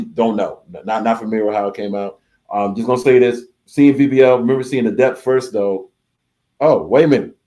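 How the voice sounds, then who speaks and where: Male stream host, casual and lively, reads viewer comments aloud, repeats phrases, mid-pitched voice. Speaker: livestream host reading chat. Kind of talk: casual live reaction stream.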